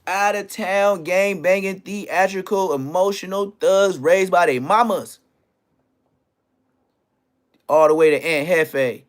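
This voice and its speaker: A man telling a story in an animated way, full of profane street slang. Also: high voice, measured pace. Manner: profane slang, acts out others' lines.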